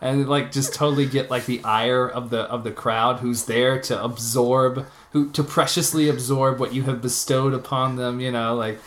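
A man's voice: medium pitch, level tone, moderate pace, few pauses, fairly bright tone. Jokey male podcast co-host. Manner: talkative, gropes for words, jokey. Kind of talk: casual podcast chat.

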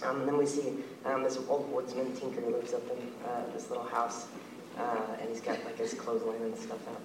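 A man excitedly narrating a cartoon story, with sound effects and laughs. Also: mid-range voice, brisk, reverberant, recorded from a distance, noisy background. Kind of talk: animated storytelling of a cartoon pitch.

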